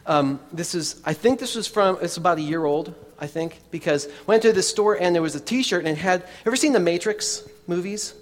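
A man's voice: high voice, moderate pace, hardly any pauses, big-room sound. A man preaching a sermon in a chatty way, with many restarts and asides to the congregation. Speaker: pastor.

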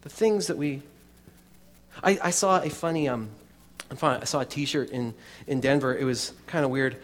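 A man's voice: medium pitch, moderate pace, long reverb tail. A man preaching a sermon in a chatty way, with many restarts and asides to the congregation. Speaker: pastor.

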